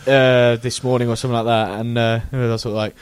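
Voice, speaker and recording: A man's voice: medium pitch, level tone, fast talker, clear, resonant tone, dry recording. A man from England co-hosting a podcast, telling loose anecdotes in casual chat with plenty of swearing. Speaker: podcast co-host.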